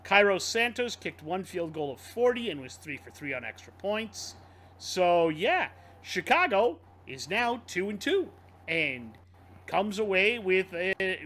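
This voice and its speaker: A man's voice: sits high, unhurried. A man co-hosting a casual sports podcast, reading off game stats. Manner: reads off game stats in a lively, rising-and-falling delivery. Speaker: podcast co-host.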